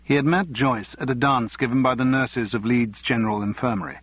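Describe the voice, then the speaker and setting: A man reading a novel aloud as narrator, in a measured, even way. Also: mid-range voice, slightly rough, no echo, lo-fi sound. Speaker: audiobook narrator. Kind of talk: scripted narration.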